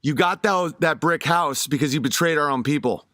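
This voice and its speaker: A man's voice: a little high, normal speed, bright, forceful tone, no echo, clean studio sound. A man voicing a defiant, heroic male pig who speaks firmly. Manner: firm, defiant.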